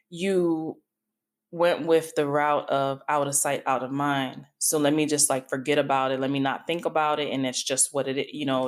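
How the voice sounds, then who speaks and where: Low-voiced chatty woman podcast host. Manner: chatty, informal, wanders into tangents. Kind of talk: candid storytelling monologue.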